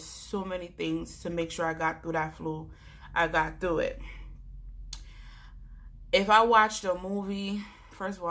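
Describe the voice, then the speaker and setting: A young woman from Jamaica telling a story to her vlog audience in a chatty, slangy way. Her voice is bright and forceful and sits a little low. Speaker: vlogger.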